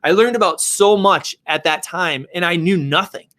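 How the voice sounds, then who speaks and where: A man who works as a real estate agent and developer, telling a personal story in an animated, conversational way. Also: sits high, normal speed.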